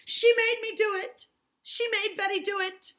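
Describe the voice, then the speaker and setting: A frightened yet scheming teenage girl dodges every accusation in a high, pleading voice, put on by a woman reading a play aloud. She sounds sharp and bright, and her denials rise well above an ordinary speaking pitch. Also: normal speed. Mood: accusing.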